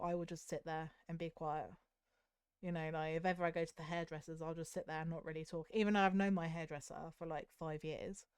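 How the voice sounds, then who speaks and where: Soft-spoken Southern English woman streamer. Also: on the low side, clear, resonant tone, no echo, clean studio sound. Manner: soft, candid and self-critical, with hesitant restarts. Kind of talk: casual chat with stream viewers.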